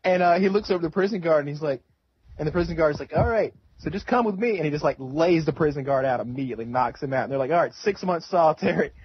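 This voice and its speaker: Husky young man telling a story. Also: fairly high pitch, quick pace. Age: young adult. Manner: eager storyteller, acts out quotes. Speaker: podcast co-host. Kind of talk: casual chat. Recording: dull lo-fi audio.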